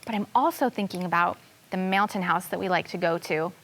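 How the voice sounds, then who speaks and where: A woman teaching a television classroom lesson for young children, reading a picture book aloud with expression and then explaining gently. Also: lowish voice, a little fast.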